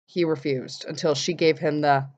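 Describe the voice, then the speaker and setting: A young woman vlogger telling an animated story and acting out the quotes in voices. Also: low voice, moderate pace. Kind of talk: casual storytelling vlog. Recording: dull lo-fi sound.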